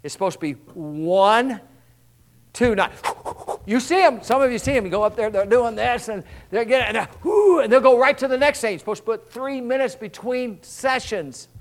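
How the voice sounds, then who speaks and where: A man's voice: very high voice, animated, moderate pace. A male pastor preaching a rambling, folksy sermon with call-and-response asides to his congregation.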